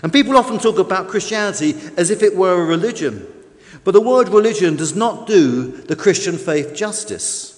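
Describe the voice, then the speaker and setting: A man with a high voice preaches a sermon, his emphasis rising and falling from line to line. The sound carries a long reverb, as in a large hall or church. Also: lively intonation, moderate pace. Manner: emphatic, varied preaching delivery.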